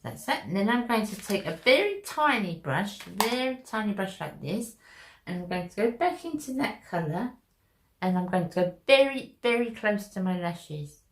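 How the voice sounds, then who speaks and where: A woman's voice: mid-range voice, sing-song, moderate pace. A woman talking viewers through a makeup tutorial in a chatty, step-by-step way. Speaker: makeup vlogger.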